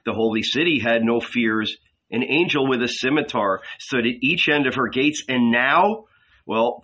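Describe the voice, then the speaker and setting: A man reading a novel aloud in deliberate, dramatic literary narration. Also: mid-range voice, breathy edge, muffled recording. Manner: slow, expressive, deliberate. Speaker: audiobook reader.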